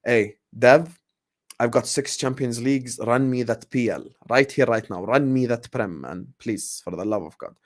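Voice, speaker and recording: A young man in his late twenties hosts a loose live Q&A for his football channel, thanking viewers and riffing on their questions. His talk is animated and chatty, and he often says a line twice. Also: medium pitch, moderate pace. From grew up partly in the UAE. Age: 20s. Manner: animated, repeats phrases, warm thanks to viewers. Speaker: YouTube football channel host. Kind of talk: casual live Q&A chat.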